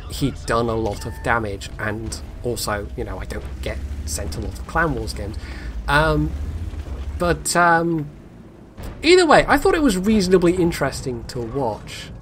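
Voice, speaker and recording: A man's voice: medium pitch, fairly bright tone, slight background noise. A man giving casual, rambling commentary on a game replay, full of fillers and dry asides.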